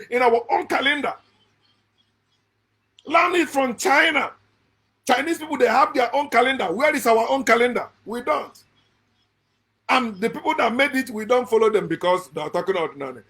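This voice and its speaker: A man's voice: sits high, fairly bright tone. A man giving a blunt, preachy monologue, repeating phrases for emphasis. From Nigeria. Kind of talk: impassioned monologue.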